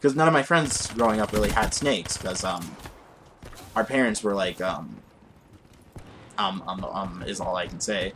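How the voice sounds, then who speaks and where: A man's voice: lowish voice, unhurried, pauses often, a bit bright, slight background noise. A young man casually telling a rambling, profane story while commenting on his gameplay. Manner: rambling, profane, easily distracted by the game.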